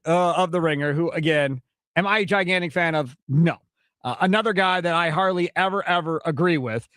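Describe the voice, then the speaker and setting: A man hosting sports radio with a high voice that swings widely. He talks in an opinionated, animated way. The studio sound is dry and close. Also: no room sound. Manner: animated, opinionated, mimics people for effect. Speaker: radio show host.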